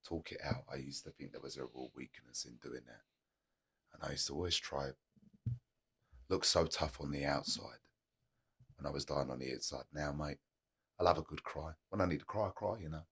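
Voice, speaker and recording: A man with a gravelly, husky low voice, slightly bright, speaks at a moderate pace broken by long pauses. As a podcast guest he tells his story candidly, earnest and plain-spoken, repeating his points to make them stick.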